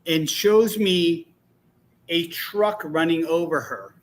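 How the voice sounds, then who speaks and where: Talk show guest, man, animated storyteller, bright slightly high voice, rambling delivery. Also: slow.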